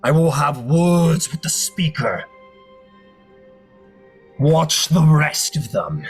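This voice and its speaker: A man voicing a huge, suspicious male cloud giant lord who speaks slowly and threatens. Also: a little high, husky, soft background music, pitched above the performer's own voice, heavily acted. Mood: menacing. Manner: slow, commanding and threatening.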